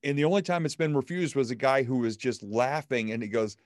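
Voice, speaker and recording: A man as a podcast guest, telling everyday stories in an upbeat, animated way. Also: mid-range voice, a little fast, dry recording, studio quality. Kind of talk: conversational storytelling.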